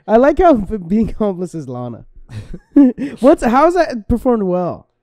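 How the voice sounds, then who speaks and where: A man's voice: sits high, very animated, slow pace, a little mellow, no echo, clean studio sound. A man co-hosting a comedy podcast in casual chat, laughing often and stumbling over his words as he asks questions. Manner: giggly, stammering, asks lots of questions. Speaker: podcast co-host.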